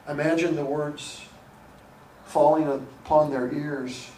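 A middle-aged American man preaching a sermon as pastor, emphatic and repetitive, dropping to a hush and rising again. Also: fairly high pitch, level tone, unhurried, a little hiss or hum. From United States. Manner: emphatic, repeating phrases, swings between loud and hushed. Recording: roomy sound from a distant mic with faint ambience.

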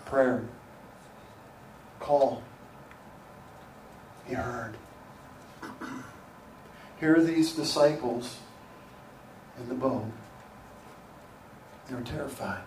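Middle-aged american pastor preaching, repeats lines for punch, goes quiet then loud, roomy echo, mic a ways off. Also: male voice, medium pitch, very slow, pauses often, slight background noise. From United States. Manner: emphatic, repeating phrases, swings between loud and hushed. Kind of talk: sermon. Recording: roomy sound from a distant mic with faint ambience.

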